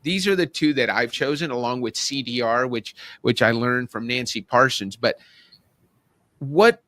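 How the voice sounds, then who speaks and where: Male podcast host, enthusiastic, rambling; bright tone, dry close sound. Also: mid-range voice, moderate pace, dry recording. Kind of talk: conversational interview.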